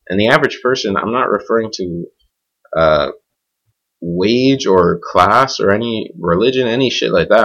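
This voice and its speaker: A man's voice: fairly low pitch, fairly bright tone. A man hosting his own podcast, talking off the cuff in a blunt, profane, rambling solo rant. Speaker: podcast host. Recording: dull lo-fi home recording.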